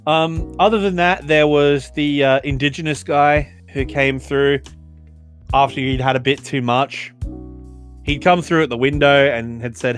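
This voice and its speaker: A young Australian man, a podcast co-host, telling work stories casually, animated and swearing, full of fillers. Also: medium pitch, a little slow, soft background music. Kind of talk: casual storytelling.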